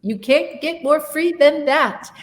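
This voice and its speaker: A woman's voice: sits high, animated, slow, a little hiss or hum. A woman hosting a podcast, chatting with her guest over a video call. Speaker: podcast host. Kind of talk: casual interview chat.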